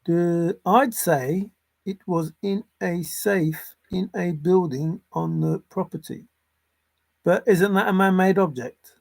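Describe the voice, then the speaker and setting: A man's voice: high voice, slow, vocal fry, a little mellow. Sarcastic ranting male vlogger. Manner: sarcastic, exasperated ranting with swearing; repeats phrases for emphasis. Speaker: treasure-hunt vlogger. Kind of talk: unscripted solo commentary.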